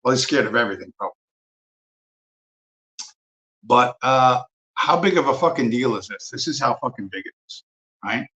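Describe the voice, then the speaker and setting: A man's voice: mid-range voice, animated, moderate pace, pauses often, pushed and bright, muffled recording. Man ranting profanely on a livestream. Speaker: livestream host. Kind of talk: livestream rant.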